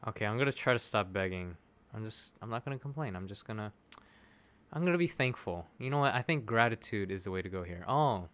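A young man live-streaming gacha pulls, begging the game for good results, then turning sarcastic, swinging between loud pleading and flat mutters. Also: lowish voice, normal speed.

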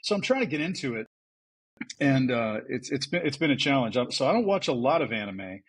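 A man who works as a voice actor, telling stories in a casual podcast interview, animated and full of restarts. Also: mid-range voice, fairly quick, husky, poor audio. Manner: chatty storyteller, animated with restarts. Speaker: voice actor guest.

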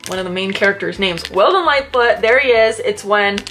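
A woman's voice: medium pitch, brisk, bright, forceful tone, soft background music. A Canadian woman co-hosting a casual unboxing vlog, effusive and chatty, full of "like" and "oh my gosh". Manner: effusive, chatty, many fillers. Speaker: channel co-host.

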